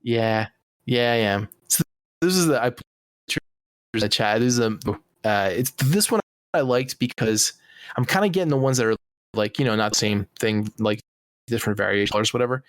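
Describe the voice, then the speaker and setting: A man's voice: mid-range voice, normal speed, no room sound. A man co-hosting a comedy podcast, chatting casually in an easygoing, rambling way with chuckles. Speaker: podcast co-host.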